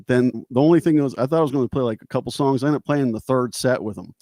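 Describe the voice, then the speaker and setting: A man who is a guest guitarist, telling casual stories in an animated way, laughing often, over a video call. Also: mid-range voice, fast, no room sound, clean studio sound. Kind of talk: casual storytelling chat.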